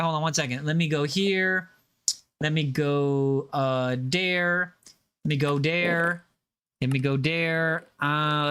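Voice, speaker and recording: A young man in his twenties with an American accent, chatting casually with his livestream audience, slangy and full of quick self-corrections. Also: high-pitched, bright, forceful tone, clear, resonant tone. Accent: General American. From United States. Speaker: livestreamer reading chat.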